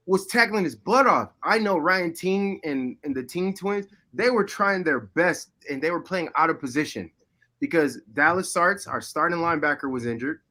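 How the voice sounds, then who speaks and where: A man telling a football story in a casual podcast chat, animated and loud at times. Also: on the high side. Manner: animated storyteller, shouting replays. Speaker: former player guest.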